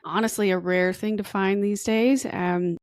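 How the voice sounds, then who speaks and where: Supportive woman host, flat delivery. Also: medium pitch, measured pace, slight background noise. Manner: supportive, affirming listener. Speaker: podcast host. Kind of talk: casual interview chat.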